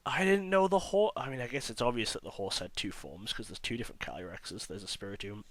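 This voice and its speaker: A man hosting a card pack-opening video, hoarse from illness, chatting and mocking his own voice as he lists each card. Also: medium pitch, quick pace, no room sound. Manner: chatty, self-mocking, listing cards as he goes. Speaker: card-opening channel host. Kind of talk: casual pack-opening commentary.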